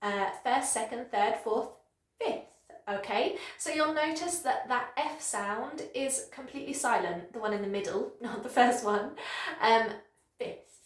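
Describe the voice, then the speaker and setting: A woman English teacher speaks to camera in a slightly high voice, carefully exaggerating each word as she models it for learners. She keeps an encouraging, upbeat teaching manner throughout. The sound carries a noticeable echo from the room around her. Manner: slow, exaggerated modelling of words with encouraging praise. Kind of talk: pronunciation lesson to camera.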